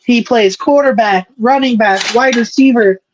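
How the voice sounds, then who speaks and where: A woman co-hosts a podcast while watching football, chatting casually in a somewhat high voice at a moderate pace. She swears freely and keeps up a running commentary on the plays. The recording is dry and dull lo-fi, with a little hiss or hum.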